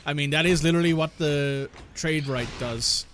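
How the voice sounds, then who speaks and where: A man's voice: on the high side, moderate pace, a bit bright, a little hiss or hum. A man chatting casually while playing a video game, rambling and joking as he interrupts himself. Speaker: gamer commentating gameplay with friends. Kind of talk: casual gameplay commentary.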